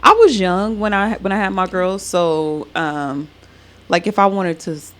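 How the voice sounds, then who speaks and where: A woman's voice: mid-range voice, unhurried. A woman in her thirties co-hosting a podcast, telling stories in a casual, laughing way. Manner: laughing, animated storytelling. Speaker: podcast co-host. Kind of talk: casual chat.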